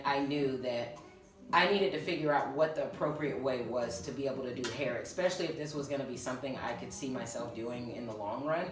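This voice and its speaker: A laid-back woman from Georgia, a hairstylist in her thirties, chatting casually as co-host and telling stories with laughs. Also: deep voice. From Georgia, US South. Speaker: hairstylist and salon owner, co-host. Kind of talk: casual chat. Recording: roomy, from a distance.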